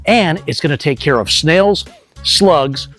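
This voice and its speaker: A man hosting a pest control channel, giving an energetic, salesy product demonstration straight to the viewer. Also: fairly high pitch, takes it slowly, faint music behind. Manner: energetic, salesy, direct to camera.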